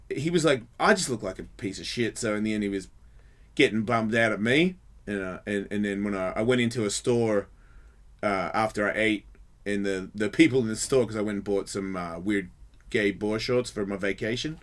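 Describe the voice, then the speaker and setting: A man hosting a radio show, telling a story in a casual and lively way, swearing freely and acting out the other people's voices. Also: fairly low pitch, moderate pace. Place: radio studio.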